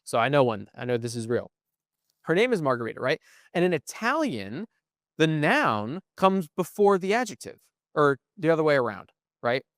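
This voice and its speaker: A man's voice: on the high side, sing-song, normal speed, a bit bright, dry recording, studio quality. A young man co-hosting a podcast, explaining things at length in casual chat and often asking "right?". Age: young adult. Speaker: podcast co-host. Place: museum.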